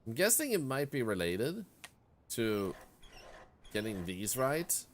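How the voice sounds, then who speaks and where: A man's voice: mid-range voice, very animated, slow, a little hiss or hum. A man streaming a video game in casual commentary, chatting and reading the game's text aloud as he plays. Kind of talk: casual let's-play commentary.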